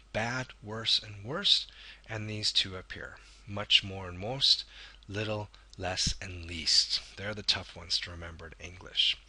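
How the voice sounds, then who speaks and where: A man's voice: on the low side, sharp tone. A man teaching an English grammar lesson, patiently explaining and drawing out key words as he goes. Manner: patient, stretches key words, corrects himself. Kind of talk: recorded video lesson.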